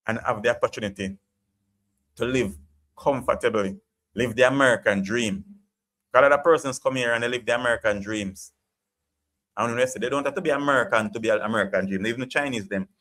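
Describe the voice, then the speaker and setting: A man's voice: lowish voice, fairly bright tone. A man from Jamaica with a Jamaican accent, hosting a live chat stream and ranting passionately, often repeating himself. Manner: passionate, ranting, repeats "you get what I'm saying". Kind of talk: opinionated live chat monologue.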